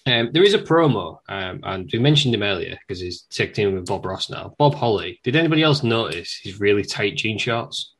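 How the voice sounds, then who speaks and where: Guy hosting a chatty podcast, husky voice, laughs a lot. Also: on the low side, animated, fairly quick, a bit bright. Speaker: podcast host. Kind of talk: casual chat.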